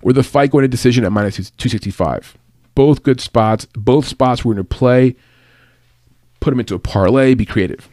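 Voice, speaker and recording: A man's voice: medium pitch, moderate pace, warm tone, no room sound, studio quality. A man giving casual fight predictions and betting tips, chatty, with fillers and small laughs. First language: English. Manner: chatty, laughs at own remarks, lots of fillers. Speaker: fight analyst and betting tipster.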